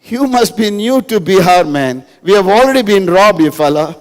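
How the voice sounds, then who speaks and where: A man doing a deadpan weary train passenger. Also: high-pitched, normal speed. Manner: dry, deadpan retort. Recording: reverberant hall.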